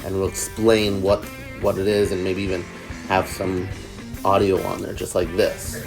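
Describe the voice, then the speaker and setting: A man's voice: sits low, monotone, normal speed, vocal fry. A man hosting, talking through business plans in an eager, rambling way. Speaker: host. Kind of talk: casual planning chat. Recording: talk over music. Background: music.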